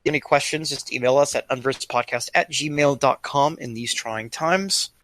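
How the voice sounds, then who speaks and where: A man's voice: mid-range voice, normal speed, fairly bright tone, no echo. A man co-hosting a casual podcast, explaining things thoughtfully and hesitantly, with many ums. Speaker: podcast co-host.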